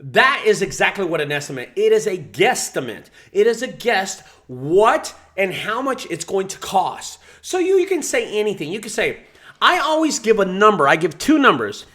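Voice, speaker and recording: Guy teaching sales to camera, kinda high voice, bounces around a lot, swears and tells stories. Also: moderate pace. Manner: profane, storytelling, animated. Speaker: junk removal business owner teaching sales. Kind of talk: casual teaching talk to camera.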